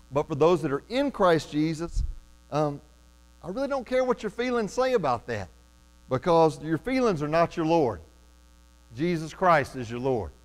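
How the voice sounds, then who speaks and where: Emphatic conversational male preacher. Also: fairly high pitch. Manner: calls out for amens from the congregation. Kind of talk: sermon.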